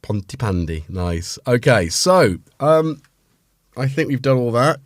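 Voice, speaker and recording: A man's voice: medium pitch, sing-song, unhurried, dry recording, studio quality. A man from North Wales with a North Welsh accent, hosting a casual livestream and chatting in a rambling way while reading out viewers' names. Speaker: host.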